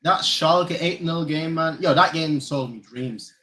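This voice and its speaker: A man's voice: on the high side, unhurried, sharp tone, rough recording. A man from Germany hosting a fan channel, chatting casually during a live match watchalong, rambling and repeating himself with lots of "like". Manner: rambling, repeats phrases, frequent "like". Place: lives in Manchester.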